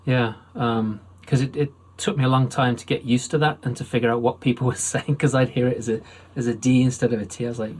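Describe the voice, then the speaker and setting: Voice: medium pitch, steady tone, quick pace, few pauses, darkish tone, breathy edge. An interviewer asking questions in a friendly, casual chat, often laughing and cutting in with short replies. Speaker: interviewer, podcast host.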